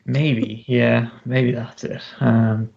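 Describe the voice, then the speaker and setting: A man's voice: medium pitch, flat delivery, drawn-out words, creaky, slightly rough. A man from Ireland with an Irish accent, hosting a podcast in casual, rambling chat full of fillers and restarts. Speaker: podcast host. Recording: dull lo-fi podcast audio.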